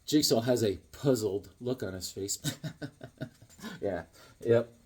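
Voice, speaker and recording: A middle-aged man chatting casually as he shows off his comic books, telling stories in a lively way and laughing often. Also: on the low side, slow pace, husky. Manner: animated storyteller, laughs often, acts out voices. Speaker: comic book collector vlogger. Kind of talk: casual chat showing comics.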